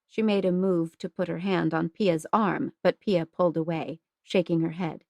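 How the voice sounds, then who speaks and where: A woman narrating a historical novel as an audiobook in a measured, steady reading. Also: lowish voice, vocal fry, no echo, clean studio sound. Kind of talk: scripted narration.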